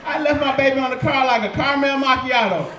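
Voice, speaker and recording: High-voiced young man doing profane stand-up. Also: fast, crowd noise, noisy background. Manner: loud, profane storytelling with shouted punchlines. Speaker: stand-up comedian. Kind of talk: live stand-up set. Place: comedy club stage. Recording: echoey live club room.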